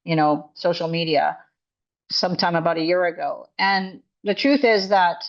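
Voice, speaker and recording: A woman's voice: fairly low pitch, moderate pace, lo-fi sound. A woman coach and author speaking as an interview guest, emphatic and indignant, often restarting her sentences. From Canada.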